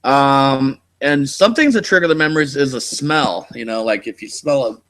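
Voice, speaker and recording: Bright-voiced laid-back male stoner host. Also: medium pitch, normal speed. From California. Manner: rambling, laid-back storytelling with frequent swearing. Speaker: channel host. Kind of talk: casual live-stream chat. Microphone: desk mic.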